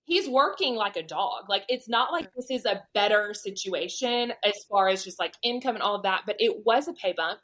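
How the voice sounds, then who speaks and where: A woman's voice: medium pitch, lively intonation, moderate pace, few pauses, a bit bright, poor audio. A woman in her thirties with a Southern US accent, a podcast guest telling a personal faith story animatedly and acting out the voices of people she quotes. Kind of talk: storytelling testimony.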